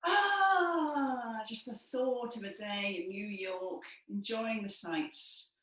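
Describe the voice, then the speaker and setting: A woman, possibly from Wales, leading a guided breathing and vocal warm-up in a lively, encouraging, playful way. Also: on the high side, slow pace, far from the mic. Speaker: dance and movement leader. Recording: echoey room from afar.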